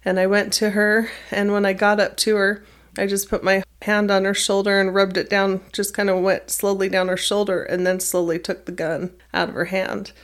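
A woman teacher calmly recounting a personal experience in an interview, measured and plain-spoken. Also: mid-range voice. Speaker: middle school math teacher.

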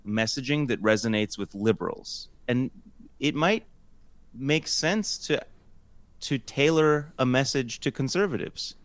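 A man co-hosting a podcast in casual chat, with a smooth, clear voice. He talks in a measured, thoughtful way. The sound is dry and close. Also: mid-range voice, a bit bright, dry recording. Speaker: podcast co-host.

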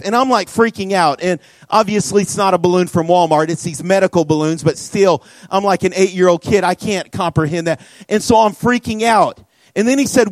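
Man, youth pastor, high voice, earnest animated sermon, dry close sound. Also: brisk, no echo. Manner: earnest, animated storytelling with many "like" fillers. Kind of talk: sermon to students. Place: church youth room.

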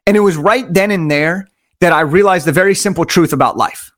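A man telling stories as an interview guest, energetic and enthusiastic, stressing his points through repetition. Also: high voice, brisk. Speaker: podcast guest. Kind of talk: conversational storytelling.

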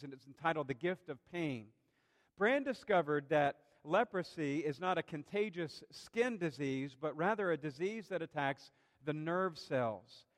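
Man preaching in an echoing hall. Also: on the high side. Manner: earnest storytelling, slows for emphasis. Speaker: pastor. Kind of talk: sermon. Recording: long hall reverb.

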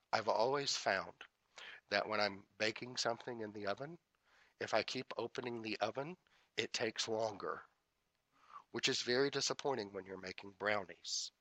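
Man, spiritual teacher, bright forceful voice, dry close sound, rhythmic repeated affirmations. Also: fairly low pitch, no echo. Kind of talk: inspirational talk.

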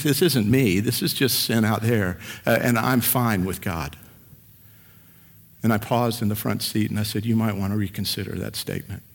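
Male preacher, earnest and questioning, fairly low voice, echoing hall. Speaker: pastor. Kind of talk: sermon. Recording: echoey church hall.

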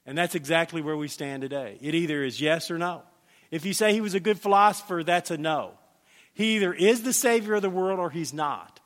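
A man preaching a sermon as pastor, animated, acting out quoted voices, with many restarts. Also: a little high. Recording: long hall reverb.

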